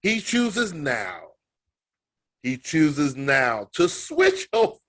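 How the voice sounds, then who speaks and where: A man's voice: on the high side, very animated, drawn-out words, fairly bright tone. Man ranting on a sports podcast. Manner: emphatic, incredulous ranting. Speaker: podcast co-host. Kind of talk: casual sports banter.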